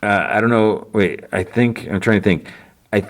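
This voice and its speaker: Low-voiced man rambling through a recap. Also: normal speed. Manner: rambling, full of fillers and self-corrections. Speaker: podcast host. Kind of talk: casual episode recap.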